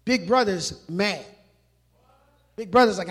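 A male pastor preaching a sermon in a church, animated and emphatic, mixing in casual street slang. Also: extremely high pitch, normal speed. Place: church hall. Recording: long reverb of a large hall.

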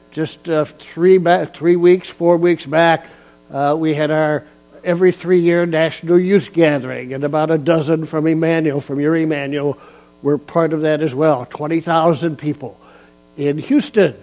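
A man preaching a sermon in a church, speaking slowly and emphatically and repeating key phrases. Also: on the high side, fairly even intonation, darkish tone, soft background music. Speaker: guest preacher, district church official. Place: church sanctuary.

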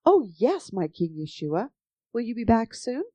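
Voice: mid-range voice, measured pace, warm tone, no echo, lightly acted. A storyteller voicing an eager, adoring young girl who speaks devotedly to her king.

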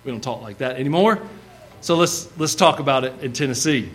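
A man preaching a sermon in a folksy, animated way, acting out bits of the story as he goes. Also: medium pitch, fairly quick.

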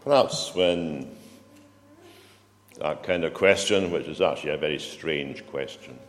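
A man preaching a sermon in a church, slow and reflective, often turning questions to the congregation. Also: very deep voice. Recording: long reverb of a church hall.

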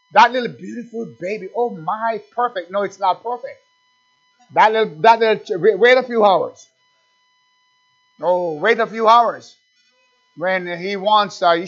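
A man's voice: high voice, fairly bright tone. A man preaching a sermon in a conversational way, often repeating words and asking his listeners questions. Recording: dull lo-fi recording with faint music.

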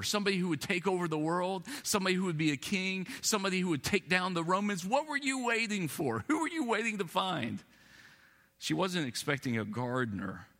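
A man's voice: on the high side, a bit bright, long reverb tail. A man preaching an Easter sermon in a church, talking conversationally and musing aloud with self-deprecating asides. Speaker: pastor.

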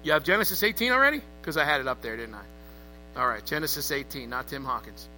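Man, pastor, sermon, emphatic, calls for responses, very bright, tense. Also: medium pitch, lively intonation, fast, soft background music, poor audio.

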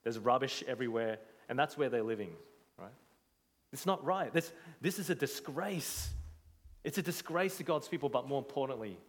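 Male preacher, mid-pitched, emphatic and earnest, echoing church hall. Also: expressive, moderate pace. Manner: earnest, emphatic, rhetorical questions. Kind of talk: sermon.

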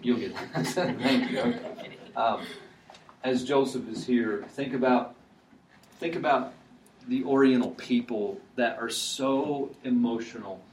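A male preacher talks through a sermon in a loose, conversational way, stumbling over restarts and fillers. His voice sits at an ordinary pitch. He sounds echoey and picked up from a distance, like a mic across a church hall. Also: a little slow, a little hiss or hum.

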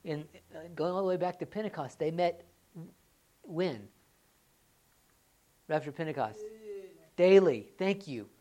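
Low-voiced woman preaching a lively sermon. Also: moderate pace, long pauses. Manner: swings from loud excited rhetorical questions to quiet earnest talk. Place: church.

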